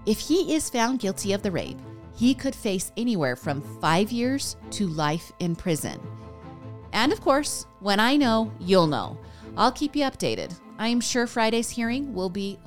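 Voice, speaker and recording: A woman's voice: medium pitch, sing-song, a little slow, faint music behind. A woman hosting a podcast, reading a scripted news recap in a chatty way and speaking straight to her listeners. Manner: chatty, addresses listeners directly. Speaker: podcast host.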